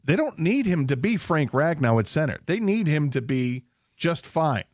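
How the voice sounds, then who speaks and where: A man co-hosting sports talk radio, breaking down football in a measured, analytical way. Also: a little high, big pitch swings, no echo, studio quality. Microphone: studio microphone.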